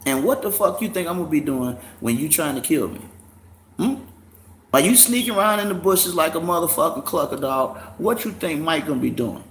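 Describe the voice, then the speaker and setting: Man, casual livestream rant, gravelly, profane, mocking, echoey room. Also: a little high, animated, a little fast, fairly bright tone. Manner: profane, mocking, laughs often. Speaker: livestream host. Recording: echoey room, faint background noise.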